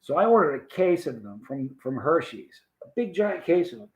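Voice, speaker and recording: A man's voice: fairly high pitch, big pitch swings, normal speed, poor audio. A man hosting a livestream, rambling in a folksy, casual way and reading out viewer comments. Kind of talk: casual chat.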